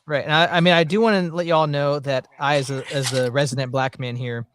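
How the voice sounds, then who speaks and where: A man's voice: mid-range voice, fairly even intonation, a little fast, a bit bright, a little hiss or hum. A man hosting a casual podcast chat, joking in a mock-preachy way. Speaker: podcast host.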